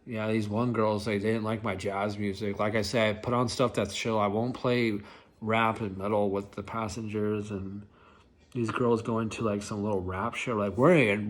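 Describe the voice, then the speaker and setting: A young adult man casually telling rideshare driver stories, rambling and filling nearly every phrase with "like". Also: fairly low pitch. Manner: rambling, filler-heavy, lots of "like". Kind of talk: casual storytelling vlog.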